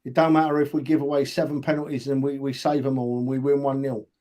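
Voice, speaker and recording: A man's voice: medium pitch, level tone, quick pace, dark tone. Earnest older man, stammering. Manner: emotional, earnest, stammers on first words. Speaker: podcast co-host. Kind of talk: casual fan chat.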